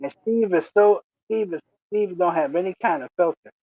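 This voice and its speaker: Brief: animated male storyteller, high voice, dry muffled recording. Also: normal speed. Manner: animated, laughing often. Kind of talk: casual storytelling.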